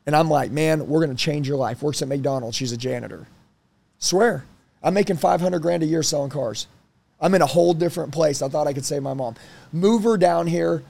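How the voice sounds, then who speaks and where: A man in his thirties telling personal stories in a casual interview, blunt and animated, swearing freely. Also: on the high side, a little fast, creaky. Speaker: guest.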